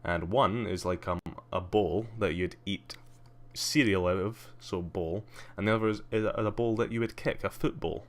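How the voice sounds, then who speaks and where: A Scottish man whose accent carries a faint posh English tinge streams a game, chatting casually in a dry, self-mocking way. His voice sits on the low side, with a steady tone, moderate pace and hardly any pauses.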